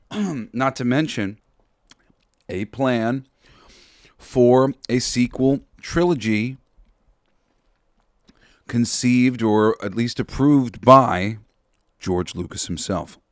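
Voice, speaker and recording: A man hosting a podcast in a casual commentary style. He talks in an earnest, halting way, restarting often, and swears bluntly now and then. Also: mid-range voice, dry recording, studio quality. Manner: halting and tongue-tied, with frequent restarts. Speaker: podcast host.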